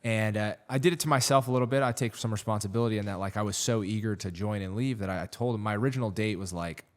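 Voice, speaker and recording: A man's voice: fairly low pitch, quick pace. A man from Las Vegas, a comedian guest on a podcast, telling a rambling, profane story in a casual style. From Las Vegas, USA. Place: podcast studio.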